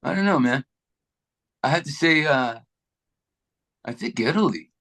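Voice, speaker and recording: A middle-aged man from Canada, a guitarist being interviewed, chatting in a relaxed, rambling way with many restarts. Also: on the high side, measured pace. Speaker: guitarist guest. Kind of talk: casual interview chat.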